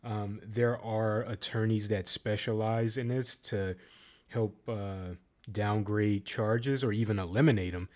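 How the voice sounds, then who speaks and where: Man, lowish voice, casual reaction commentary, halting with many ums. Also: steady tone. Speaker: reaction channel host.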